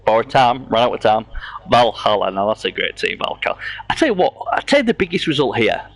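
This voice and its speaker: A man's voice: medium pitch, big pitch swings, fast talker, vocal fry. A man co-hosting a casual talk show, swearing freely and laughing often as he tells stories. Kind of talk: casual banter about tabletop game league.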